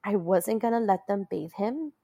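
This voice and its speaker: A woman's voice: mid-range voice, normal speed, gravelly, husky, dry recording, lo-fi sound. A woman talking as a guest in a casual conversation, telling a personal story in a chatty way and laughing often. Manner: chatty, laughs often, rises into animated quoting.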